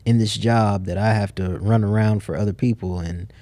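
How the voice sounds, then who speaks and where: Low-voiced man telling his story. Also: fairly even intonation, moderate pace, warm tone, dry recording. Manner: storyteller who acts out his own quotes. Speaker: podcast guest, entrepreneur. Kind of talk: casual interview chat.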